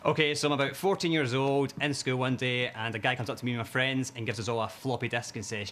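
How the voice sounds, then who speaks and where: A man from Glasgow, telling a story to a TV studio audience in a brisk deadpan way. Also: medium pitch, slight background noise. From Glasgow, Scotland. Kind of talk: anecdote told to a TV audience.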